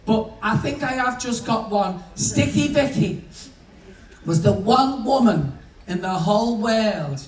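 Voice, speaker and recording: Sweary male comedian, high voice. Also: lively intonation, slow pace. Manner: bawdy, sweary, chatty storytelling to the crowd. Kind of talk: stand-up comedy. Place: cruise ship venue. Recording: echoey room, distant mic, noisy.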